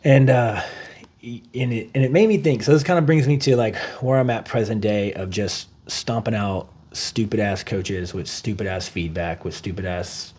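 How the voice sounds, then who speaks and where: A man co-hosting a podcast, chatting casually, swearing freely and acting out quotes in an animated way. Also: on the low side, normal speed, slightly rough. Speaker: podcast co-host.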